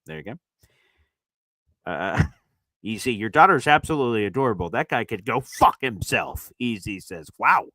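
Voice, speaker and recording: A fairly low-pitched, animated man hosts a relaxed live sports stream, reading super chats at normal speed with long pauses. His delivery is loose and chatty with many fillers, alternating between loud and muttered. There's no echo, but the recording quality is low.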